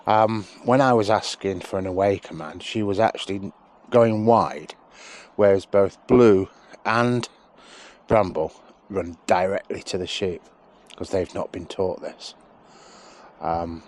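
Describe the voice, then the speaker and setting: A man training a sheepdog out in a sheep field, calmly explaining each step and breaking off to call the dog in a high, loud voice. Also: slow, long pauses. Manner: relaxed explaining, broken by high shouted calls to the dog. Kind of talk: outdoor training demonstration with commentary.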